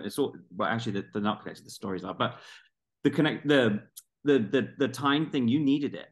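A man hosting a casual interview, talking in a reflective, rambling way with frequent restarts. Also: fairly low pitch. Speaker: interview host.

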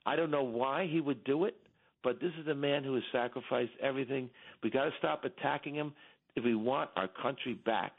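A man's voice: brisk, vocal fry. A man calling in as a radio guest, talking emphatically and repeating himself as his voice climbs when he gets stirred. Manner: emphatic, repetitive, rising in pitch when stirred. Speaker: company executive, radio guest. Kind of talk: impassioned call-in commentary. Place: home in Texas. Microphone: phone. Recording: tinny phone line.

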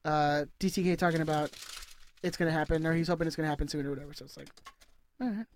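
A man's voice: on the high side, racing, a little hiss or hum. A man co-hosting a casual sports podcast, joking with friends and reading out listener emails. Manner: relaxed, jokey, reads out listener emails. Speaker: podcast co-host.

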